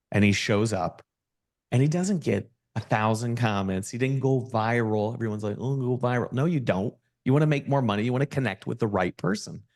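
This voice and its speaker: A middle-aged man giving an emphatic, energetic motivational talk as a guest speaker and pitching his branding agency. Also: gravelly.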